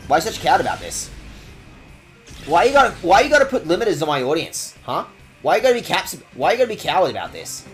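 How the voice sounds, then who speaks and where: A man with a fairly high voice talks fast, his pitch swooping wildly up and down. He's casually commentating a game stream, ranting in mock outrage and swearing often, with faint game music in the background.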